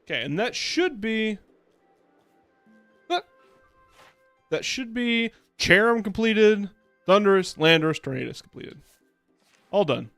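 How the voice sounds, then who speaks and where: A man's voice: sits high, big pitch swings, slow, creaky, pauses often, fairly bright tone, faint music behind. A man streaming a video game, chatting casually in a rambling way with plenty of fillers. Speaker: VTuber streamer. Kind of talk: casual let's-play commentary.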